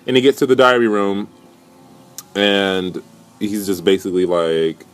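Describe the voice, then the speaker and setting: A young man recapping a reality show in a casual, profane, animated rant. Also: fairly low pitch, measured pace, smooth. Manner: profane, animated, indignant storytelling.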